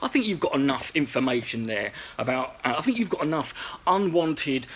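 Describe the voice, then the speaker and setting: A man's voice: mid-range voice, brisk. A man delivering sarcastic, profane comedy commentary as host of his own show. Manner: profane, mocking, animated.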